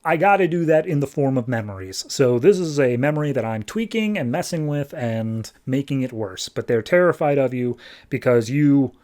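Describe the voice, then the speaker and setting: A man retelling a comic puts on a sly male villain who taunts his prey. The voice is smug and mocking, at an ordinary middle pitch. It stays close to a relaxed everyday speaking voice. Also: normal speed, lightly acted. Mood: smug taunting.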